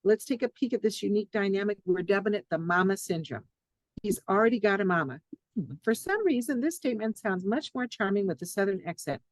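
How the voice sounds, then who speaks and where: A woman psychologist and author, a guest on a podcast interview, telling jokes and reading from her own book in a playful, animated way. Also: mid-range voice, quick pace, hardly any pauses, no room sound, poor audio.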